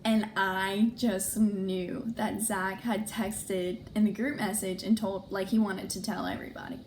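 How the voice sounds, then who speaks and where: Telling a personal story in a relaxed, measured way, this young woman vlogger has a mid-range voice and says "like" frequently. She animatedly performs the quoted dialogue of the people involved, and there's a bit of background noise.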